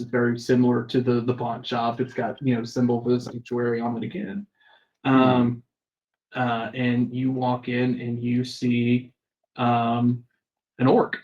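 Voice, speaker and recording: Man, game master, mid pitch, hesitant and chuckling, dull lo-fi call audio. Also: a little mellow, recorded from a distance. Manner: halting, many ums, laughs mid-sentence. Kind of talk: narrating a tabletop game.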